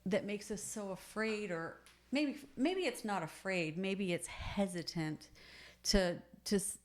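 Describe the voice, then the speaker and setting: A woman's voice: medium pitch, slow pace, darkish tone. A middle-aged woman co-hosting a podcast, chatting in an affirming, conversational way. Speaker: podcast co-host.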